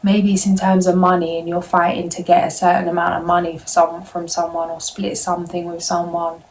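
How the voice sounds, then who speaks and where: A woman giving a tarot card reading straight to her viewers, in a gentle, meandering and reassuring way. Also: on the low side, monotone, fairly quick, a little hiss or hum, low-quality recording. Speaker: tarot reader.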